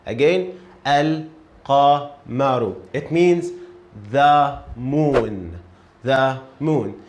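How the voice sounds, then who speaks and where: A man gives a beginner language lesson at a deliberately slow pace, sounding out syllables one at a time. His voice sits at an ordinary middle pitch, and he repeats words patiently for learners. The recording has a noticeable echo from the room. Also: expressive, a little hiss or hum. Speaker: Arabic teacher.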